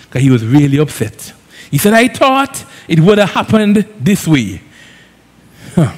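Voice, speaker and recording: A man with an Antiguan accent preaching a sermon as a pastor, lively and conversational, with Caribbean phrasing. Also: medium pitch. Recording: long hall reverb.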